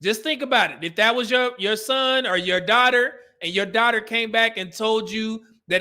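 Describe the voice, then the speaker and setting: A man's voice: high voice, normal speed, few pauses, pushed and bright. A man hosting a show, giving blunt, emphatic, opinionated commentary. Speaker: show host.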